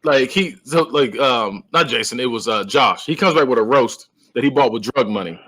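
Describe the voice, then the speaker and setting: A man co-hosting a podcast, casually recapping a film and retelling its scenes with lively, frequent laughter. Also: medium pitch, normal speed. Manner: animated storyteller who acts out characters; laughs often. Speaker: podcast co-host. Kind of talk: casual movie-recap chat.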